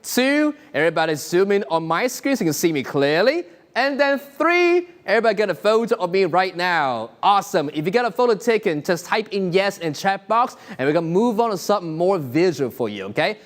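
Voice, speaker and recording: A man's voice: sits high, sing-song, brisk, few pauses. A man performing an interactive online magic show, full of upbeat showman patter and frequent chuckles.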